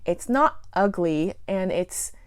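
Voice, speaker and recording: A woman's voice: mid-range voice, expressive, takes it slowly, clean tone, dry recording, clean studio sound. Giggly, rambling woman vlogger. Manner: giggly, rambling, self-deprecating. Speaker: plant YouTuber. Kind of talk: casual vlog chat.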